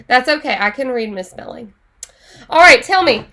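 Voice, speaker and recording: A woman teaching an online Spanish class in a chatty, animated way, laughing often. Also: sits high, moderate pace.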